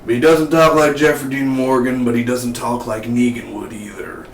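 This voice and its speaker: Chatty male reviewer, rambling and excitable, roomy recording with faint background hiss. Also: medium pitch, moderate pace. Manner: excitable and rambling, asks viewers questions. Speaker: TV show reviewer. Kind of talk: casual review vlog. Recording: roomy, distant mic, faint noise.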